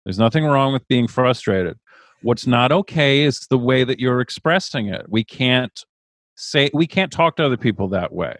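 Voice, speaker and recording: A man's voice: mid-range voice, animated, normal speed, fairly bright tone, no room sound, clean studio sound. A man in his forties, a guest in a casual conversation, talking reflectively and openly with casual swearing. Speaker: podcast guest.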